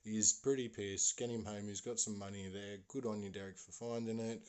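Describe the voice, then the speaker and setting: A man's voice: on the low side, little pitch movement, normal speed, darkish tone, natural voice. A man voicing a group of impatient young women friends, grumbling and exasperated. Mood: fretting.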